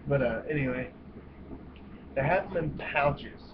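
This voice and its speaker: A man's voice: mid-range voice, measured pace. A man ranting in a casual vlog, blunt and profane, rambling and cutting himself off. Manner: blunt and profane, emphatic outbursts; rambling, self-interrupting. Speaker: vlogger. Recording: dull lo-fi home recording with steady hiss.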